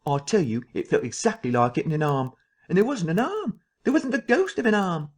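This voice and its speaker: A man voicing a jittery middle-aged man who recounts a fright, breathless and rising into shrill excitement. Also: a little fast. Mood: insistent.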